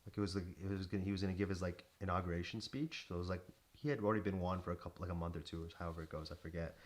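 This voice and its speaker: Fast-talking man telling a rambling story. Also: deep voice, fairly even intonation. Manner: rambling, self-interrupting storyteller. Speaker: podcast co-host. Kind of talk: casual storytelling chat.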